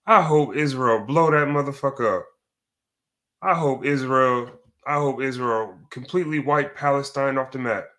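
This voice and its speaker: A man delivers an angry, profanity-laced commentary rant. His voice sits at an ordinary middle pitch. He repeats and restarts himself as he pushes his points. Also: moderate pace, fairly bright tone. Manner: heated, cursing, repetitive restarts.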